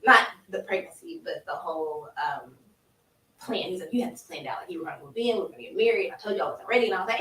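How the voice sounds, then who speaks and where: A bright, lively woman in her thirties tells her own story as a guest. She laughs often and acts out the voices of people she quotes. She sits back from the microphone in an echoey room. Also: fairly low pitch, quick pace, a little hiss or hum. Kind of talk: storytelling on a podcast. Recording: echoey room, distant mic.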